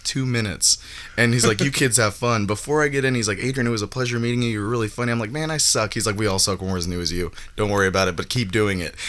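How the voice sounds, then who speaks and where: A young man on a casual comedy podcast, telling a story with lots of laughter and acted-out quotes. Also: medium pitch. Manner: animated, laughs often, acts out quotes. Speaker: guest comedian.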